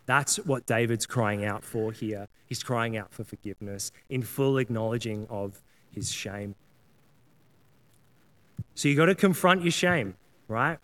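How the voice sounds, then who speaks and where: A man's voice: medium pitch, measured pace, fairly bright tone. A man preaching a sermon in a casual, earnest way, often acting out prayers and apologies in quoted voices. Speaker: pastor.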